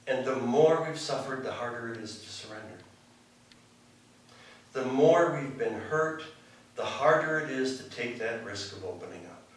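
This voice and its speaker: A man's voice: medium pitch, lively intonation, moderate pace, very echoey, recorded from a distance, poor audio. A man preaching a sermon in a loose, conversational way, full of restarts and asides. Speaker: pastor. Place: church sanctuary.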